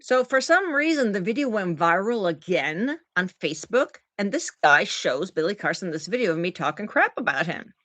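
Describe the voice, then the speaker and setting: A woman's voice: medium pitch, moderate pace, hardly any pauses. A woman live-streams from her phone, chatting with her viewers and thanking them for gifts. Her voice swings around a lot as she tells the story. The sound is dry and close, with almost no room echo. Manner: animated storyteller, acts out quotes in big voices. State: recovering from oral surgery. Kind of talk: casual live-stream chat.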